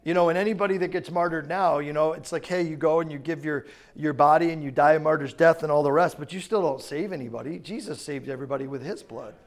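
With hardly any pauses, a fast-talking pastor whose voice sits a little high delivers a conversational sermon. He often questions the congregation about whether they understand.

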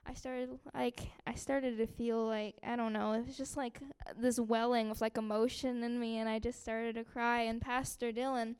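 Soft-spoken young woman giving testimony. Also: a little high, level tone, clean tone. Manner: soft, halting, many fillers and sighs. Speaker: church member giving testimony. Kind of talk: personal testimony to a group.

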